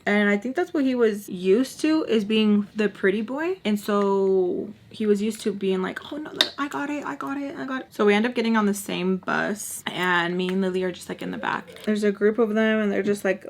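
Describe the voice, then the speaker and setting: A woman chatting through a storytime as she does her makeup, her voice sitting at an ordinary pitch. She talks bluntly, swears without a second thought and leans on "like" constantly. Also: gravelly, a little hiss or hum. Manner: chatty, blunt, swears freely, many "like" fillers. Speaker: beauty vlogger. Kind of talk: storytime chat while doing makeup.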